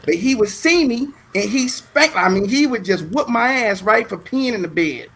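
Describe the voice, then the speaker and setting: A man from Southern California telling a long story in a casual chat, animated and repeating words as he goes. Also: sits high, normal speed. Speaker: guest.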